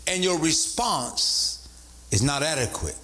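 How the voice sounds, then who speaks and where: Lively preaching bishop, a man. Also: slow. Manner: animated preaching, voice leaping up in pitch for emphasis; repeats phrases and calls out to the congregation. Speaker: bishop and pastor. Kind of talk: sermon.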